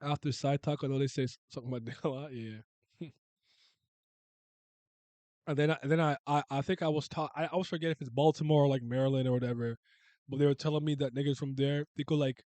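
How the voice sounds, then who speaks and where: A man's voice: fairly high pitch, steady tone, brisk, darkish tone, no echo. A man in his thirties, from Canada, chatting casually and rambling with viewers as a streamer. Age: 30s. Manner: rambling, restarts and laughs, uses slang.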